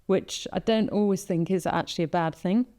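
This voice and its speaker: A woman hosts a podcast in a low, smooth voice. She tells personal stories in easy conversation, animating them by playing out her own inner thoughts. Her tone is mellow and relaxed. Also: normal speed. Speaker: podcast host. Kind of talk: casual conversation.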